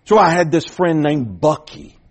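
A man's voice: a little high, animated, normal speed. A middle-aged man preaching a sermon, telling a folksy story with repeated starts that builds to emphatic points.

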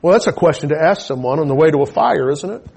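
Husky preacher, quiet to shouting. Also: male voice, fairly high pitch, expressive, quick pace. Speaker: pastor. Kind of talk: sermon with personal testimony.

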